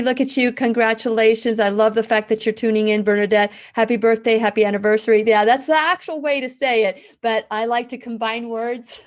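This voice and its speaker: A woman in her fifties with a slight lisp, hosting a faith-based live talk show, telling earnest stories and reading viewer comments with frequent restarts. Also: fairly high pitch. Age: 50s. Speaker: radio show host.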